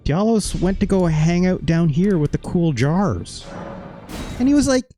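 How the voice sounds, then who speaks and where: With a high, sing-song voice and a dark tone, this man speaks unhurriedly over soft background music. He recaps his game playthrough in casual, rambling let's-play commentary, swearing offhandedly as he goes.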